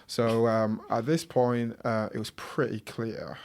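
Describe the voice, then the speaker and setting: A man's voice: medium pitch, little pitch movement, takes it slowly, a little mellow, a little hiss or hum. A young man with a Yorkshire accent, a podcast guest in casual chat, telling stories and often laughing. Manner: chatty, laughs often, acts out quoted voices.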